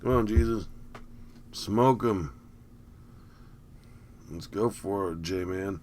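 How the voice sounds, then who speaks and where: A man's voice: low voice, very slow, darkish tone, slight background noise. A man talking casually over a film, rambling with wry, sarcastic asides. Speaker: movie commentator. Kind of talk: casual running movie commentary.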